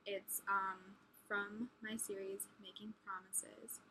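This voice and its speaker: A young woman in a college dorm room, chatting casually while she answers viewer questions, with lots of ums and frequent drops to a hushed near-whisper. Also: medium pitch, little pitch movement, slow, a little hiss or hum, rough recording. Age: young adult. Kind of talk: casual chat.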